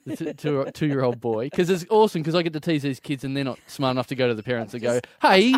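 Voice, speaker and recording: An Australian man co-hosting a casual comedy podcast, telling stories in an animated, jokey way. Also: medium pitch, fast, dry recording. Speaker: co-host.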